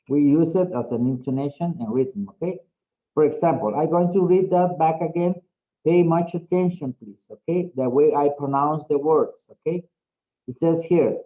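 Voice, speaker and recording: A man's voice: on the high side, highs cut off. A man teaching an English class over a video call, patient and encouraging. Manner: patient, encouraging, repeats okay often.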